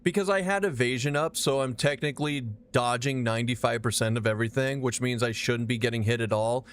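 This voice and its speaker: A man's voice: medium pitch, fairly quick, smooth. Man, game streamer, casual, profane, rambling, mid-range voice. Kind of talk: casual live gameplay chat.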